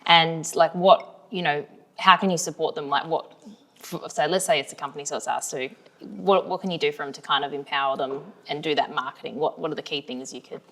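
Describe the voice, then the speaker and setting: A woman with a deep, low voice co-hosts a casual business podcast. She asks curious questions and rephrases them as she goes. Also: fairly bright tone. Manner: curious interviewer, halting questions. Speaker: podcast co-host.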